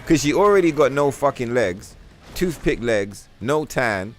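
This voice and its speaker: A man streaming a game and chatting casually, rambling and animated, swearing freely and using slang. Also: mid-range voice, unhurried, a little hiss or hum. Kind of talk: casual livestream chat while gaming.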